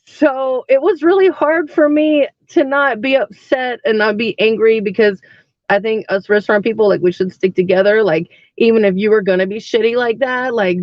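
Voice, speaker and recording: A woman's voice: on the high side, no echo, dull audio. A woman in her thirties chatting casually on a live stream, rambling with lots of fillers.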